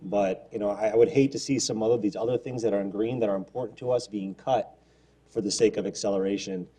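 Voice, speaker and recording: A man's voice: lowish voice, fairly even intonation, fast, dark tone, husky. A man on a city council giving his view in a meeting, hesitant with many fillers but firm in his stance. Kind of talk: council debate.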